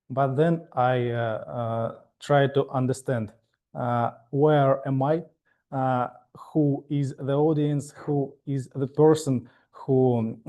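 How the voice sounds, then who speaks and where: Slow, hesitant man with a dark voice. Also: medium pitch. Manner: hesitant, full of pauses and fillers. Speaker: club newcomer giving an impromptu answer. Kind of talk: impromptu speech.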